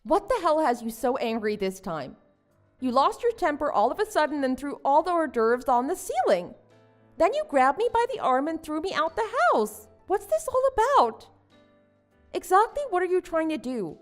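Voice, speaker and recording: A woman's voice: high voice, big pitch swings, normal speed, faint music behind. A woman voicing a wronged young wife and new mother who protests and pleads with her husband. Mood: indignant. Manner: indignant, pleading. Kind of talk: story drama voice acting.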